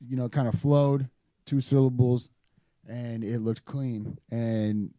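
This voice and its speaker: Laid-back man with a dark voice. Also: medium pitch, little pitch movement, slow pace, no room sound. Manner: laid-back, rambling, lots of fillers. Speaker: guest designer. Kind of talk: casual podcast chat.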